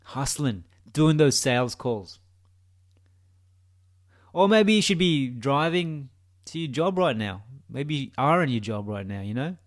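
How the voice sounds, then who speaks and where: A man's voice: mid-range voice, expressive, measured pace. A man with an Australian accent, a gaming video creator giving a rambling, mock-philosophical monologue that teases the viewer.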